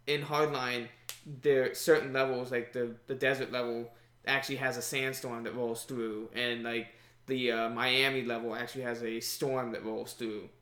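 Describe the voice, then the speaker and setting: A man co-hosting a podcast in casual chat, animated, laughing often and swearing now and then. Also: medium pitch, moderate pace. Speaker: podcast co-host. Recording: roomy echo.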